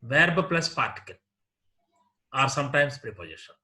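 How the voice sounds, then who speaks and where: A man with an Indian English accent teaching a slow, deliberate lesson, repeating word lists one item at a time. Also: medium pitch, sing-song, bright, forceful tone. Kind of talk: classroom lecture.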